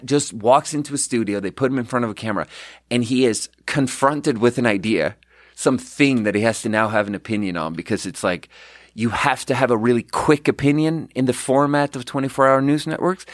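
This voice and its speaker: A man's voice: mid-range voice, no echo. Guy rambling thru a story on his podcast, mid voice, dry close sound. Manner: rambling, animated anecdotes with swings in pace. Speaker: podcast host. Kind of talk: casual storytelling chat.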